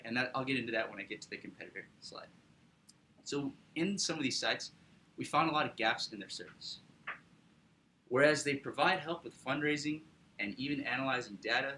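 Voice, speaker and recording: A young man casually pitching his startup to an audience, upbeat, with lots of fillers and tag questions. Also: bright, forceful tone, slight background noise, poor audio. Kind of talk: business pitch presentation.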